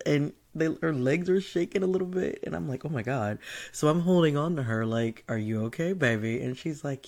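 A man recounts a personal anecdote in a loose, chatty way. He acts out the other people's lines, laughs often and swears freely. His voice sits at an ordinary middle pitch. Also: moderate pace. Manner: animated, laughing, swearing, acting out quoted voices. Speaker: storyteller. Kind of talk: casual anecdote.

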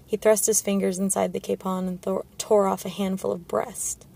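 Gravelly-voiced woman reading a novel. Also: mid-range voice, flat delivery, moderate pace, dark tone. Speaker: audiobook reader. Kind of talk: fantasy novel narration.

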